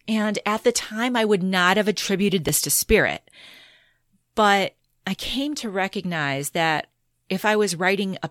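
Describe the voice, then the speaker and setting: A woman's voice: on the low side, no room sound, clean studio sound. Candid woman telling a personal story. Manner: candid storytelling, animated when quoting others. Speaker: podcast guest. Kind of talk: casual conversational interview.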